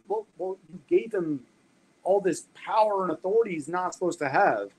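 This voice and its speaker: A man on a casual podcast chat, explaining dog training in an animated, profane way with everyday comparisons. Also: high voice, normal speed, rough recording.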